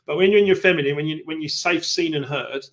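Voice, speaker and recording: Chatty man hosting, voice a touch high. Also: quick pace. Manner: animated storyteller, explains with analogies. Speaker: host of a live book club show. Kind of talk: casual live-stream chat.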